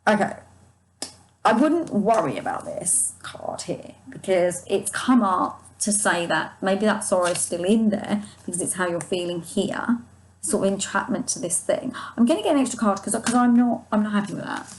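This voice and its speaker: A woman's voice: medium pitch, normal speed, a little hiss or hum, low-quality recording. A woman giving a casual tarot reading to her viewers, soothing and reassuring, often stopping and restarting her sentences. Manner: soothing, speaks of angels guiding her. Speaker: tarot card reader.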